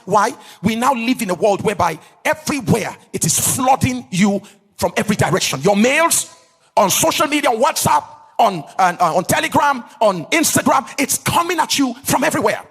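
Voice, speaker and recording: High-voiced sing-song male preacher. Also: sing-song, creaky, fairly bright tone, breathy edge, big-room sound, faint music behind. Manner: sing-song preaching cadence, stretching key words; asks the audience questions and pauses for answers. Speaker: pastor. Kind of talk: teaching sermon to a live audience.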